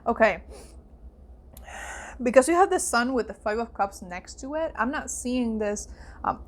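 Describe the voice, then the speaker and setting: A young adult woman giving a casual tarot reading, emotional and chatty, often dropping to hushed asides. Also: fairly high pitch, animated, unhurried. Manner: emotional, fillers and exclamations, voice softening to hushed asides. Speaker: psychic tarot reader. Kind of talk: casual spoken card reading.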